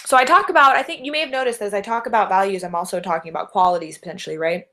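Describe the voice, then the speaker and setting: A middle-aged woman, a life coach, speaks alone to a camera in a mid-range voice that races along with a sharp edge. She is encouraging and keeps throwing rhetorical questions at her listeners, often tagging them with "right?".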